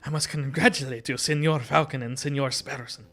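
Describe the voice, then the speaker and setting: A man's voice: mid-range voice, lively intonation, fairly quick, faint music behind, natural voice. Man voicing a suave fox investigator. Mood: gracious.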